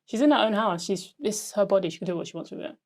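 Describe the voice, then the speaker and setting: A woman's voice: medium pitch, expressive, very fast. A woman with a British accent from London, being interviewed in an easygoing, chatty way with frequent giggles. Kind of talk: casual chat.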